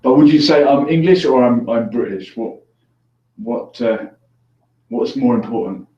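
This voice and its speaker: An expressive, mid-range male voice at a measured pace belongs to a call-in host who chats casually, cracks jokes and laughs easily. Captured through a distant mic while he wears headphones, the audio is echoey, dull and lo-fi.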